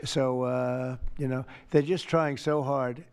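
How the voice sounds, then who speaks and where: A man's voice: medium pitch, fairly even intonation, takes it slowly, a little mellow, clean tone. An older man answering reporters' questions off the cuff at a press event, rambling and repeating himself with boastful asides.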